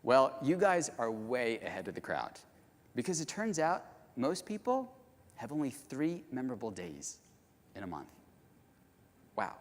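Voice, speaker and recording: Male keynote speaker, lively storytelling delivery, hall reverb. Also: mid-range voice, unhurried, long pauses. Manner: animated, addresses the audience directly. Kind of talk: storytelling conference talk. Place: large conference hall.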